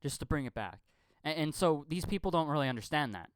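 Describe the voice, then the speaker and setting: A man's voice: a little high, expressive, fast talker, clear, resonant tone, no room sound. Stammering man ranting. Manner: stammering, repeats words, profane. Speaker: channel host. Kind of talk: rambling live-stream rant.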